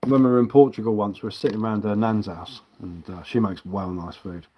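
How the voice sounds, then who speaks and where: A man's voice: lowish voice, steady tone, a little fast, darkish tone, slight background noise, rough recording. A man from Sussex with a Sussex accent tinged with London, hosting a live stream and chatting casually in a loose, matey, rambling way. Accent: Sussex English mixed with a London tinge. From Sussex, England. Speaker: livestream host.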